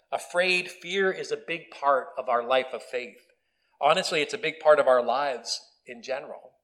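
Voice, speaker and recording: A man preaching a relaxed, conversational sermon on video. He talks at a middle pitch, mixes in wry asides, and often restarts his sentences. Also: rough recording. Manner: conversational, self-deprecating, with restarts. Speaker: pastor. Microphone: video recording.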